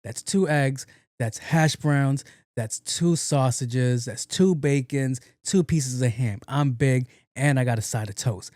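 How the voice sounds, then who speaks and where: A young adult man hosting a podcast, telling a comic story in a loose, profane and animated way, often laughing along with himself. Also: mid-range voice, takes it slowly, dry recording, clean studio sound. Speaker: podcast host. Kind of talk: casual comedic storytelling monologue.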